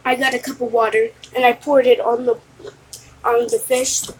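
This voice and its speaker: A woman casually retelling a dream, slow and halting, with restarts. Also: on the high side, level tone, a little mellow, a little hiss or hum, low-quality recording. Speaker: storyteller.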